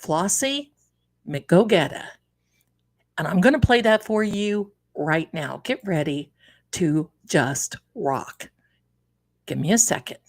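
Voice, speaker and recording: A woman's voice: sits low, lively intonation, measured pace. A woman hosting a live tarot stream, chatting casually and exclamatorily while fumbling with her setup.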